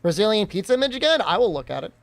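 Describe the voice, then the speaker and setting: A man's voice: high-pitched, very animated, rapid-fire, gravelly, dry recording. A young American man streaming and chatting casually, joking and reacting to questions from his chat.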